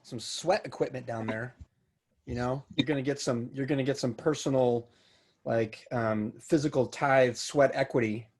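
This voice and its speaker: This podcast co-host chats casually, rambling and laughing easily. His medium-pitched voice is a little mellow, with fairly even intonation and a moderate pace.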